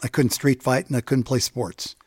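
A man telling a personal story in a reflective, halting way. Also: medium pitch, steady tone, husky, dry recording, clean studio sound. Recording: music bed underneath.

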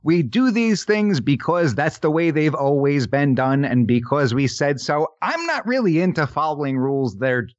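A man's voice: on the high side, lively intonation, normal speed, few pauses, dry recording, lo-fi sound. A man hosting a podcast, talking casually and with strong opinions, often slipping into mocking voices. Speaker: podcast host.

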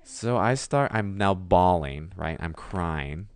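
A man's voice: low voice, slow pace. A young adult man, a podcast guest, telling a story casually and acting out the quotes. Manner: animated storyteller who acts out quotes.

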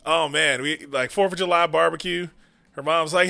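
A man hosting a comedy podcast in a loose, laughing way, with plenty of cursing. His voice sits a bit high and sounds bright and forward. He talks on a studio mic. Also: fast, vocal fry. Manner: laughing storyteller, loose and profane. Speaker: podcast host. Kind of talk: casual comedy podcast banter.

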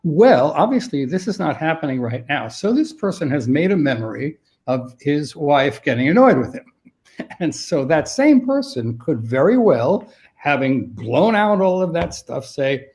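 Mellow-voiced man explaining thoughtfully. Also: a little high, expressive, measured pace. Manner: thoughtful, with frequent restarts and stammered repeats. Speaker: dementia expert guest. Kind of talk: explanatory interview answers.

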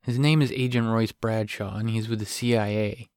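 Guy doing tired protective dad, gentle and low-key, dry close sound. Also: a little fast, no room sound, lightly acted. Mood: calm, explaining. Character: weary, protective single father, gentle but firm.

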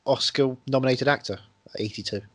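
A man's voice: medium pitch, fairly quick, no echo. Enthusiastic man chatting about films. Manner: enthusiastic, jokey, drifts into tangents. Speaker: podcast co-host. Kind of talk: casual film chat.

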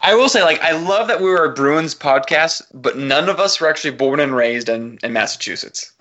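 Bright-voiced joking Southern man. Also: on the high side, lively intonation, fairly quick, lo-fi sound. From American South. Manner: joking, loose and profane. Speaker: podcast co-host. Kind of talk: casual podcast chat.

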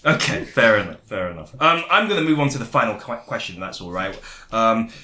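Lively teasing male podcast host. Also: lowish voice, fast, echoey room. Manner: teasing, laughing, animated. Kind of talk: casual comedic chat.

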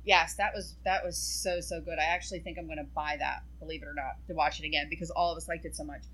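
A woman in casual chat, telling an animated personal story and swearing freely. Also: low-pitched, fast, rough recording.

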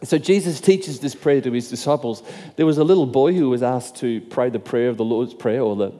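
A man's voice: medium pitch, a little fast, warm tone, in a large hall. A man preaching a sermon as pastor, conversational, repeating and restarting phrases and asking the crowd questions.

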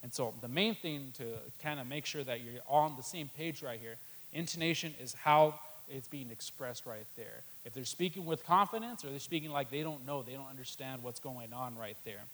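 A man's voice: mid-range voice, normal speed, fairly bright tone, low-quality recording. A man giving a sermon in a loose, conversational way, with many "um"s and a habit of saying "right there.". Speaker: preacher.

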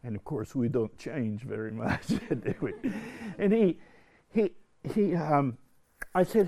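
An older man telling a personal story to a religious retreat group, earnest and halting, often restarting his sentences. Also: mid-range voice, sing-song, gravelly, warm tone, no echo. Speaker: retreat speaker. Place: indoor retreat hall.

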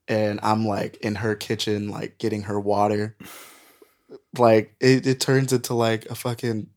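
A man guest on a podcast, telling a wild story in an animated, profane way and laughing at it. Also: on the low side, unhurried. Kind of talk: casual storytelling.

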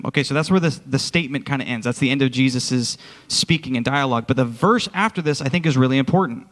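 A man's voice: medium pitch, in a large hall. A man preaching a sermon as worship pastor, speaking earnestly and directly to his congregation in a church. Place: church sanctuary.

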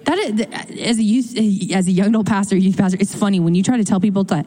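A woman pastor preaching a sermon in a lively, conversational way, acting out quotes with sudden jumps in her voice. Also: brisk. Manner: animated, conversational, acts out quotes with big pitch jumps. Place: church. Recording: church hall reverb.

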